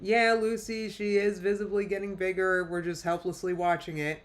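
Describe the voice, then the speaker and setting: A woman's voice: mid-range voice, level tone, moderate pace. A woman hosting a casual live react stream, chatting loosely, reading viewer comments aloud and laughing often. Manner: chatty, rambling, reads chat comments aloud with frequent laughs. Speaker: host reacting live to videos.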